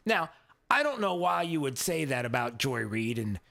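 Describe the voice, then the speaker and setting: Mocking, halting male radio host. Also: medium pitch, very animated, gravelly, pushed and bright. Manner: mocking, halting with many fillers. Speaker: radio talk show host. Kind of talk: opinionated radio commentary.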